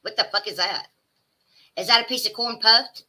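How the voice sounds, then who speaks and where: Reading viewer comments aloud on her livestream, a Southern American woman chats casually, exclaiming and tossing drawling asides to chat. She talks at normal speed in a slightly high voice with a sharp tone.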